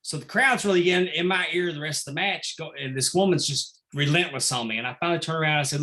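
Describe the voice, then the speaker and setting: Man, referee guest, forceful bright tone, animated yarn-spinner. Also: on the high side, quick pace, hardly any pauses. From Texas. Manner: animated anecdotal storyteller, acts out quotes. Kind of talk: casual storytelling interview.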